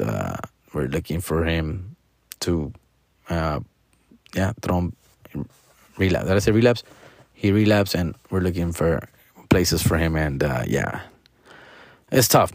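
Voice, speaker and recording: A man's voice: medium pitch, no room sound, studio quality. A man in his forties, a stand-up comedian, talking in a loose, rambling way, full of profanity and slang, with a few Spanish phrases mixed in. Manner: loose, rambling, loses his train of thought. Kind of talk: casual rambling monologue.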